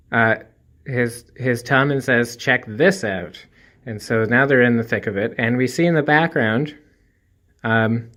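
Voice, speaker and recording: A man's voice: medium pitch, a bit bright. A man giving a casual spoken review of a comic strip, hesitant and full of ums and restarts, with a dry, wry humour.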